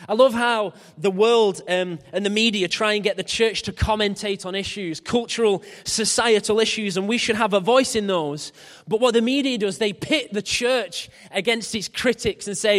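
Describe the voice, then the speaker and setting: A man preaching a sermon in a large church, animated and building to shouted exhortation. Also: high voice, a little slow. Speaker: pastor. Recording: long hall reverb.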